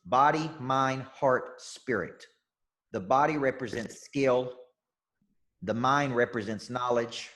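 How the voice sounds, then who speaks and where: A man's voice: mid-range voice, slow pace, fairly bright tone. Emphatic Southern man coaching. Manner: emphatic and repetitive, checks in with "okay?" and "right?"; intense and upbeat. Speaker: life and business coach. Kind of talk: motivational coaching talk. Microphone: online call session.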